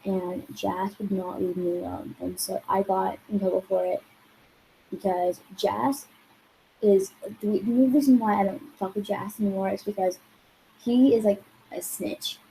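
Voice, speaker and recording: A woman vlogger rambles through an exasperated storytime rant, her tone mellow and warm. She peppers every sentence with swearing and "like." A faint hiss sits under the recording. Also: medium pitch, a little slow, vocal fry, low-quality recording. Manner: rambling and profane, heavy use of "like".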